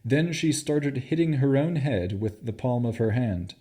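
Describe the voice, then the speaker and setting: A man reads a fantasy novel aloud at an unhurried pace. His pitch rises and falls a lot, and his delivery is measured and expressive. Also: husky. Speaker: audiobook narrator. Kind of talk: fantasy audiobook narration.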